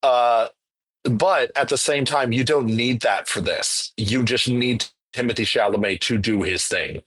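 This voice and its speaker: A man's voice: medium pitch, a little slow, fairly bright tone, slight background noise. A man co-hosting a podcast, giving enthusiastic, emphatic opinions about films in casual chat. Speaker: podcast co-host. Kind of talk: casual film discussion.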